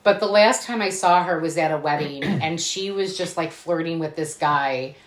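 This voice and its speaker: A woman's voice: low-pitched, normal speed, reverberant. A woman co-hosting a podcast, chatting casually and bluntly as she reviews a movie. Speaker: podcast co-host.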